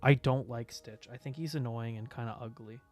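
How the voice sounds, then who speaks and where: A man streaming in a casual, chatty way, getting excited, gasping and humming little tunes. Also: mid-range voice, brisk. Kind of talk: casual chat.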